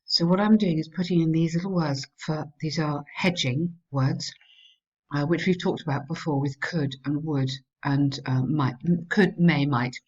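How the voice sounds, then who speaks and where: A woman tutor gives warm, steady feedback on written essays, reading lines aloud and praising the work often. Her voice sits a little low. The recording sounds dull and lo-fi. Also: measured pace. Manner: encouraging, frequent praise, reads student text aloud. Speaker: English writing tutor.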